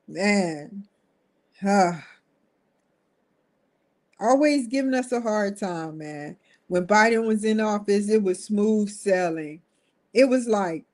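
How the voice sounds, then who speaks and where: A woman's voice: on the high side, takes it slowly. A woman hosting her own stream, riffing with loose, joking commentary and frequent laughs. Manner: laughing, animated storytelling with mock quotes; loose, colloquial, rambling. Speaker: streaming show host.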